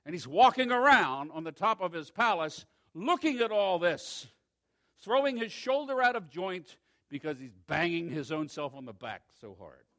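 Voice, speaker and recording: A man preaching a sermon in an animated, wry way, swinging between loud emphasis and hushed asides. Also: high voice, normal speed. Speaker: pastor.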